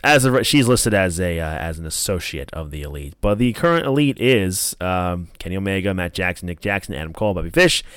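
Young man, wrestling podcast host, low voice, dry close sound, rambling fillers. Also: lively intonation, brisk, hardly any pauses, fairly bright tone, clear, resonant tone, dry recording. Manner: rambling, many fillers, acts out quotes in a raised voice. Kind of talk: casual commentary review.

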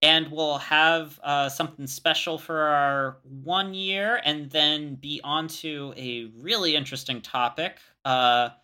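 Bright-voiced young man, halting chat. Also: fairly high pitch, fairly even intonation, smooth. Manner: halting, many fillers and restarts. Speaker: podcast co-host. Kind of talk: casual chat.

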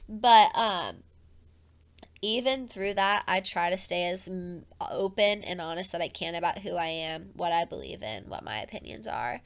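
A woman's voice: fairly low pitch, normal speed, vocal fry. Earnest young woman chatting, lots of likes. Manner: casual and earnest, heavy use of "like" and "um". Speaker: podcast host. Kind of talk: solo podcast talk.

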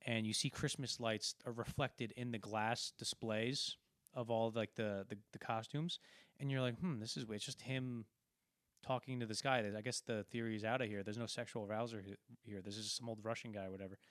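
A man's voice: fairly low pitch, steady tone, a little fast, fairly bright tone, dry recording, clean studio sound. A man casually talking through a film, rambling and acting out quoted lines as he retells scenes. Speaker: podcast co-host.

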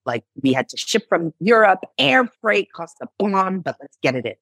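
A woman in her thirties, a company founder in a conversational interview, telling lively stories and acting out her own past lines. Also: medium pitch, moderate pace, no room sound. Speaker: founder and CEO, interview guest.

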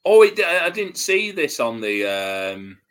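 A man's voice: high-pitched, sing-song, a little slow, fairly bright tone. A man co-hosting a wrestling podcast, joking and chatty, who laughs at his own asides. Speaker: podcast co-host. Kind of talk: casual wrestling review chat.

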